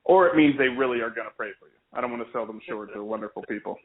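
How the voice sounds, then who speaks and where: Podcast co-host, male, mid-pitched, rambling chat, phone-line quality sound. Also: racing. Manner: rambling, animated, puts on voices in anecdotes. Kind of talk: casual chat.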